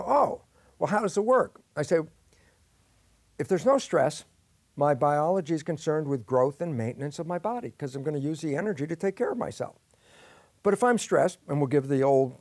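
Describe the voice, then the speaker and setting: A man in an interview explains biology in a lively way, acting out both sides of the questions and answers himself. His voice sits a little high for a man. The sound is dry and close, with no room echo. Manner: lively, acts out both sides of imagined dialogues. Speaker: guest scientist.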